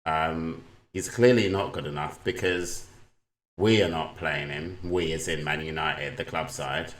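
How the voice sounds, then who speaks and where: A casual man reacting to football talk, chatty and often mocking. His voice sits very low. The room around him sounds echoey. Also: measured pace, fairly bright tone. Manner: chatty, agreeing, mocking impressions. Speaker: reaction video host.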